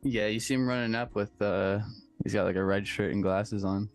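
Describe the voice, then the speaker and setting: A man in casual chat, relaxed and a bit hesitant. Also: on the low side, moderate pace, soft background music.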